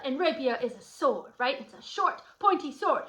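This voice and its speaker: A woman with a high, bright voice gives a guided study lesson. She explains the scene in a chatty, playful way and keeps turning to her students with asides. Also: animated, moderate pace, few pauses, rough recording. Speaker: teacher.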